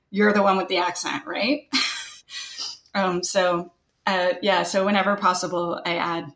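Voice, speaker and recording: A woman with a noticeably strong Canadian accent chats away as an interview guest. Her voice sits a little low, and she keeps her talk loose and friendly, full of "like" and "right?". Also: a bit bright, roomy sound. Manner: chatty, upbeat, full of "like" and "right?". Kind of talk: casual interview conversation.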